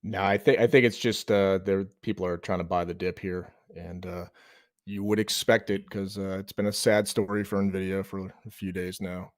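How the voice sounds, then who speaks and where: Male co-host, lower voice, dry close-miked sound, offhand news reader. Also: flat delivery, moderate pace, no room sound. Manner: offhand and self-deprecating. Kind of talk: live market commentary.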